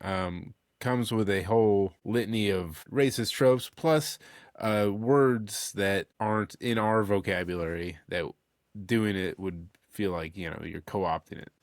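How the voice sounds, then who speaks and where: A man's voice: lowish voice, measured pace, dry recording. A man co-hosting a podcast, dropping dry wisecracks in casual chat. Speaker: podcast co-host.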